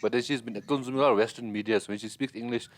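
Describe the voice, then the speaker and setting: A man's voice: medium pitch, fairly even intonation, very fast. A man from Bhutan hosting a casual podcast, asking eager, teasing questions. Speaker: podcast host.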